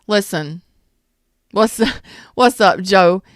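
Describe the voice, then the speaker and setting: A woman's voice: on the low side, normal speed, fairly bright tone, clean tone, dry recording, studio quality. A woman giving a live tarot reading in a chatty, blunt way, greeting viewers as she goes. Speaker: tarot reader.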